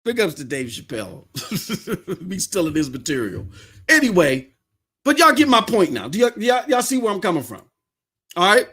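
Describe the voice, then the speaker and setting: A man hosting a live-streamed podcast, talking straight to his viewers in an animated rant that often rises to yelling. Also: sits high, moderate pace, slightly rough. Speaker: podcast host.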